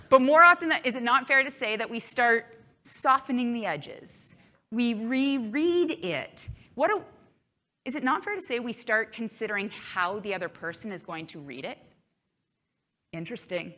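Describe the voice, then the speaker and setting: A woman's voice: high voice, expressive, moderate pace, pushed and bright. A woman keynote speaker giving a chatty live talk to an audience, acting out inner thoughts playfully.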